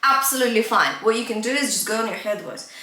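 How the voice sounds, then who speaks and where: A woman teaching singing in a high, bright, ringing voice. She keeps checking in with her students and breaks into quick sung examples. The room around her adds a roomy echo. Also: lively intonation. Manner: encouraging, checks in often with "yeah?" and "okay?". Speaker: vocal coach. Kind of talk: singing lesson.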